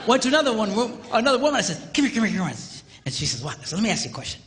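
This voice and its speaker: A man's voice: high voice, rapid-fire, big-room sound, noisy background. A man preaching, a pastor telling a humorous story and acting out the dialogue. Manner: animated, acts out quoted dialogue, jokey.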